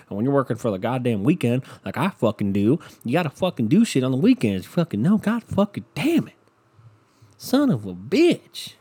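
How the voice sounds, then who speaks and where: A hoarse young man hosting a solo podcast from his bedroom on one microphone, ranting and swearing constantly. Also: mid-range voice, mellow. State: voice worn and hoarse. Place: his bedroom at his parents' house. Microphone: single home podcast microphone.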